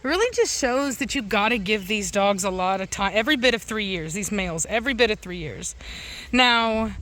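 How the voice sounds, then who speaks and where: A woman's voice: medium pitch, expressive, fairly quick, fairly bright tone. A woman hosting her own dog-breeding vlog outdoors, chatting casually with lots of fillers and restarts and calling commands to her dog. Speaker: dog breeder and channel host. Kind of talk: casual vlog talk to camera. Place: outdoors in a yard.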